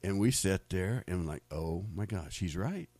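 A middle-aged American man with a low, deep voice tells personal faith stories in a loose, rambling way. He restarts and repeats words and laughs now and then. The sound is dry and close. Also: lively intonation, a little slow, darkish tone, no room sound. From United States. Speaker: speaker sharing faith stories. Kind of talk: casual storytelling testimony.

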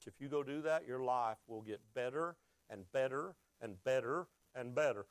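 Male pastor, fairly high voice, passionate call-and-response sermon delivery. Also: no echo. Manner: emotional, call-and-response preaching.

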